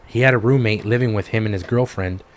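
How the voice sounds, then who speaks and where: A man co-hosting a podcast, retelling a story in casual chat, animated and swearing freely. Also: on the low side, fast talker. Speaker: podcast co-host.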